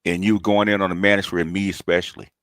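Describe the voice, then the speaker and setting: A man's voice: sits low, little pitch movement, fast, a bit bright, no echo, clean studio sound. A man, hosting a channel and delivering a combative, taunting call-out rant, often tossing in "okay?". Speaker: commentary channel host.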